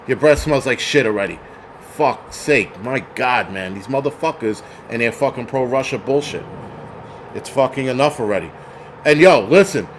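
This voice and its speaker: A man's voice: medium pitch, a little hiss or hum. A man hosting a show, ranting angrily and profanely at his viewers. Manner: profane, shouting, ranting at chat. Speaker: host. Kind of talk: angry livestream rant.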